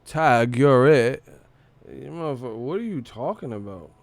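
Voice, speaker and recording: A man's voice: medium pitch, animated, normal speed, vocal fry, dry recording. A man hosting a casual boxing live stream, mocking and profane, laughing often between his jabs.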